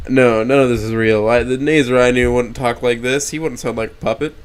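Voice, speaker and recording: A man's voice: mid-range voice, steady tone, brisk, hardly any pauses, smooth. A young man streaming, reading a story aloud in first person with blunt, profane asides. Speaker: streamer reading a visual novel.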